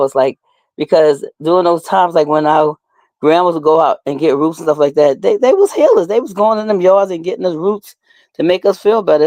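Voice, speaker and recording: A woman co-hosting an interview, chatting casually in a relaxed, colloquial way and telling stories. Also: sits low, no room sound. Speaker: co-host.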